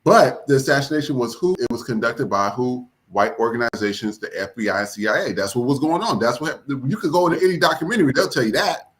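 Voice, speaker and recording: An exasperated man co-hosting a podcast, talking in a lively voice that swings widely in pitch. His commentary is heated, casual and full of profanity, with a mid-range voice. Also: fast, hardly any pauses. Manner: animated, exasperated, profane ranting. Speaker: podcast co-host.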